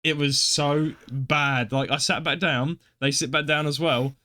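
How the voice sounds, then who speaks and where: A man's voice: on the high side, steady tone, measured pace, sharp tone. A young man telling an embarrassing story on a podcast, self-deprecating and acting out his own reactions. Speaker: podcast co-host. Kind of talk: casual storytelling.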